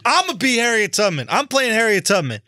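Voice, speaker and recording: A man co-hosting a comedy podcast, excitable and joking in casual banter. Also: sits high. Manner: excitable, joking, quick to laugh. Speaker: podcast co-host.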